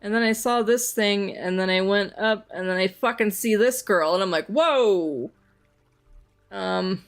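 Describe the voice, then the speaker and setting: A woman's voice: mid-range voice, steady tone, normal speed, few pauses, faint music behind. Woman streamer chatting over a game. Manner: reads game dialogue aloud, laughing and swearing. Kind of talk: casual let's-play chat.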